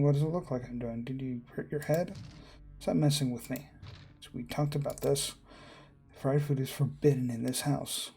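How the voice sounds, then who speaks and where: Man reading a visual novel, gravelly dark voice, husky, reacting out loud. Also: mid-range voice, fairly even intonation, moderate pace, faint music behind. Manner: reads all characters and narration in his own voice, reacting aloud. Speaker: game streamer.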